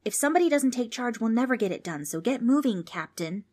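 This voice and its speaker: A woman's voice: fairly high pitch, expressive, a little mellow, voice pushed up. Woman doing a bossy young girl, impatient. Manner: brisk, impatient, commanding. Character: bossy fearless young girl leading a prank. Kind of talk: storybook reading.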